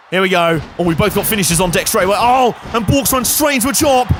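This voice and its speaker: A man's voice: sits high, fast talker, few pauses, a bit bright, faint music behind. A man hosting a let's play, commenting on a wrestling game in a jokey, sarcastic way. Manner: jokey, sarcastic, chuckling often.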